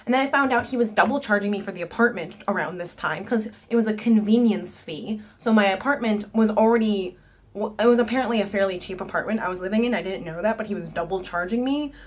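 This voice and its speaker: A woman's voice: mid-range voice, fast, slight background noise. A young woman with a nasal voice, telling a casual storytime and acting out the people in it. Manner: animated retelling with quoted voices. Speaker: vlogger.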